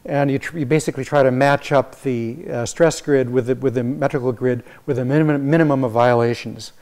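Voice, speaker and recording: In a lecture hall, a visiting music professor gives an academic lecture, explaining ideas as he thinks them through and restarting often in a halting way. His voice is mid-range, steady, and darkish in tone.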